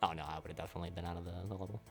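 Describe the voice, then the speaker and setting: A young man with a lowish voice chats casually to his stream while he plays, rambling and leaning on "like" in nearly every phrase. He swears freely and laughs at his own stories. Faint game music sits quietly behind him. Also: fairly even intonation, racing. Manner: rambling, leans heavily on "like", laughs often, swears. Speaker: speedrunner streamer.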